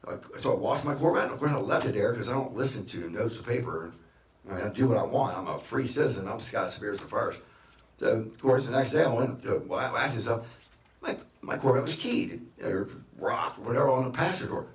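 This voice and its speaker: A man holds forth in a loose, rambling monologue, boasting and ranting as he circles back over the same points. His voice sits at an ordinary middle pitch. He sounds set back from the mic, with the room ringing around him. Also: expressive, fairly quick, a little hiss or hum. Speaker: vlogger. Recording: roomy, distant from the mic.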